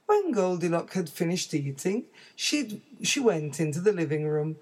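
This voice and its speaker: A woman narrating a children's story clearly and deliberately, as a read-aloud for learners. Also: lowish voice, big pitch swings, darkish tone.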